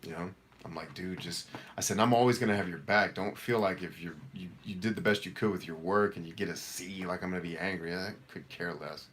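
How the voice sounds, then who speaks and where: A middle-aged man with a low, deep voice runs a casual live coaching session, reading viewer comments aloud. He answers in a direct, energetic, motivational way. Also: quick pace, few pauses, slight background noise. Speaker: life coach hosting a live Q&A.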